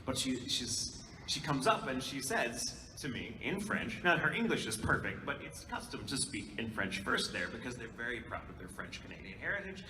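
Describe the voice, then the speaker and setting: A man, a voice actor, telling lively anecdotes on a convention panel and dropping into accents as he goes. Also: mid-range voice, moderate pace. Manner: animated storyteller, jumping into accents and voices. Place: large convention hall. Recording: echoey hall, voice from far off, background noise.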